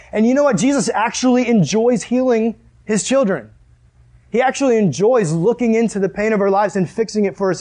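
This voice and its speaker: A man preaching a sermon in a casual, animated way, full of "like" and asides. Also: sits high. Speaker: pastor.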